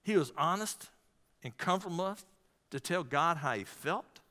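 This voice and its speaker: A man with a high, bright voice preaches a sermon, and his words ring through a long church reverb. He talks to the congregation conversationally and keeps calling out to them. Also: animated, normal speed. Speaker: pastor.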